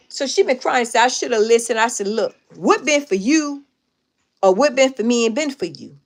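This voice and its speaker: Her voice leaning high, a woman tells her live stream viewers a casual story. She's emphatic and animated throughout, circling back over the same points again and again.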